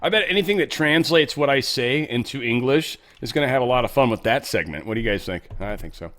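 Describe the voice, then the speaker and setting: A man's voice: medium pitch, expressive, fast talker, a bit bright. Rambling, irreverent American man. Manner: rambling, irreverent, swears freely. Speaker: show host. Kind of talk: casual news commentary.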